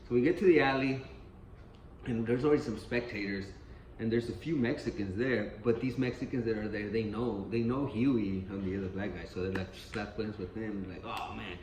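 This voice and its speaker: A man's voice: fairly low pitch, fairly quick, darkish tone, a little hiss or hum. A man telling a street story in a casual, rambling and profane way, often repeating himself. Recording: roomy echo, faint ambience.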